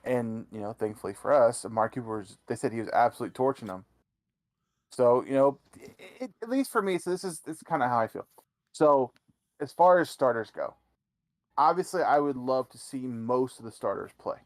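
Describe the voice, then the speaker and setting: A man's voice: medium pitch, expressive, brisk, a little mellow. A man co-hosting a sports podcast, giving blunt opinions in casual chat with many "you know" fillers. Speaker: podcast co-host.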